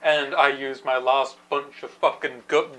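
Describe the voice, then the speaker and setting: A player with a mid-pitched voice talks casually, swearing as they recount their own thinking. The delivery is loose and conversational. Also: steady tone, measured pace, fairly bright tone, poor audio. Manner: profane, talks through own reasoning. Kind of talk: casual chat.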